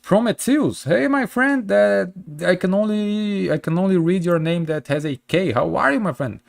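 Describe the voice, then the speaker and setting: This streamer has a high-pitched voice with vocal fry and talks at normal speed. A non-native English speaker with a blocked, stuffy nose, he chats casually with viewers, using many fillers and restarting often.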